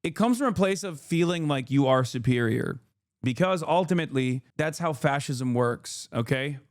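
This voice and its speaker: Streamer in his 30s, heated and blunt, high-ish male voice, dry close-mic sound. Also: expressive, moderate pace, a little mellow, dry recording. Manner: heated, emphatic, swearing. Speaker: streamer host reacting to a clip. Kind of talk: casual streamed commentary.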